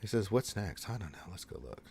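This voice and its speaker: A man's voice: on the low side, sing-song, fast talker, gravelly, dark tone, husky, no echo. A man co-hosting a gaming livestream, giving casual, laid-back advice to viewers and calling them dude and man. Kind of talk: casual chat, reading viewer questions.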